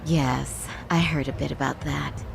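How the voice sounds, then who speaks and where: A woman's voice: deep voice, steady tone, a little slow, gravelly, noisy background, heavily acted. An actress playing a composed young woman going undercover as a bar hostess in a video game, polite and dry.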